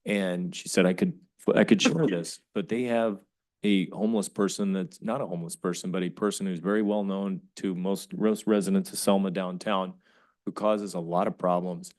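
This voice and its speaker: A man with a somewhat low voice and a Californian accent speaks at a city council meeting. He argues firmly and emphatically, often stumbling and restarting his sentences as he presses his point. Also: fairly even intonation, moderate pace. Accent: Californian English. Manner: forceful, emphatic, frequent restarts.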